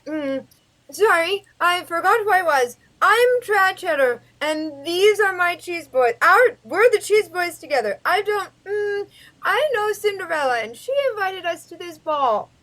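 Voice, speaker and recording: A woman doing a squeaky, flustered mouse guy. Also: animated, a little slow, bright, forceful tone, exaggerated voice, poor audio. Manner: flustered, stammering, self-conscious.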